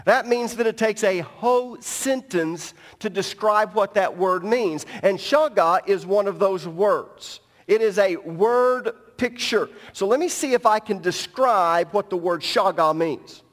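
A male pastor preaching a sermon in a church sanctuary, emphatic and animated, with joking asides. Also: sits high, unhurried, few pauses. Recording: long reverb of a large hall.

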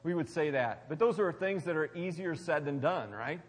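A man giving a conversational sermon as pastor, swinging between loud emphasis and quiet, hushed lines. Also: on the high side, lively intonation, normal speed, husky, long reverb tail. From United States.

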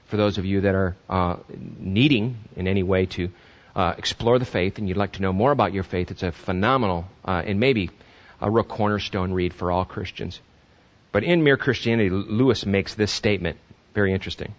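A man preaching a sermon to a congregation, earnest and halting, with many fillers, building to emphatic questions. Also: deep voice, highs cut off. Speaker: pastor.

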